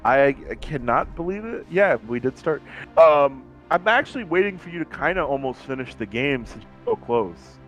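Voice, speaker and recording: A man's voice: mid-range voice, sing-song, normal speed, a bit bright, soft background music, poor audio. A man hosting a casual podcast, talking sarcastically and swearing freely. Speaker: podcast host. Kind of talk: casual chat.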